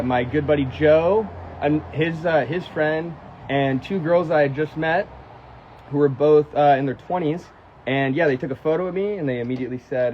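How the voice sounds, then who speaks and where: A young man from the United States talks through a livestream Q&A, swearing freely and telling stories with worked-up energy. His voice sits a little high for a man, and the sound is dull and lo-fi, like a phone mic. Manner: profane, animated storytelling, answering chat questions. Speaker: musician on a livestream. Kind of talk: casual livestream Q&A.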